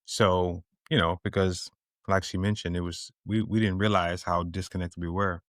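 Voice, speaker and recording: Laid back middle-aged guy cohosting a podcast, loose slangy storytelling, lowish voice, dry close mic. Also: little pitch movement, normal speed, no echo. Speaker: podcast co-host. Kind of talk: casual chat.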